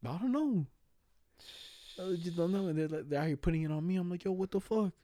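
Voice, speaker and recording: A man's voice: a little high, animated, a little fast, mellow, dry recording. A young man telling stories in casual chat, slangy, laughing as he goes and swearing a lot.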